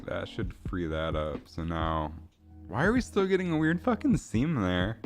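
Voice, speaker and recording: A man's voice: low-pitched, sing-song, normal speed, faint music behind. A man casually chatting with viewers while building a game, rambling, swearing and laughing. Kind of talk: casual livestream chat.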